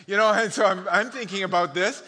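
Bright high-voiced pastor preaching. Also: male voice, brisk. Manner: chuckles often, storytelling asides. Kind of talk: sermon with humorous anecdotes.

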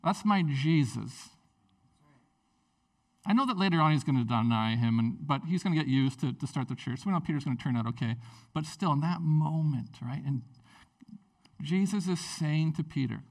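A male pastor preaching a sermon in a conversational, animated way, with frequent fillers and restarts. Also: a little high, moderate pace, far from the mic.

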